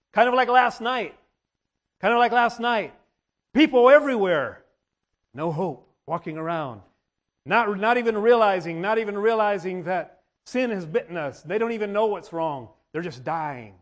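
High-voiced man preaching a sermon. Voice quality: frequent throat clearing. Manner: repetitive, restarting phrases, dramatic emphasis.

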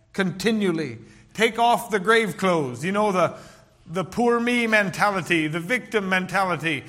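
Middle-aged male preacher, earnest and emphatic, reads scripture aloud, pitched high with a bright tone. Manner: earnest, slow emphatic delivery with King James scripture reading. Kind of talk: sermon.

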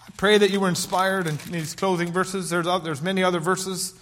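Middle-aged male preacher, earnest and emphatic, reads scripture aloud, pitched high with a bright tone. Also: little pitch movement, slight background noise. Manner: earnest, slow emphatic delivery with King James scripture reading. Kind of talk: sermon.

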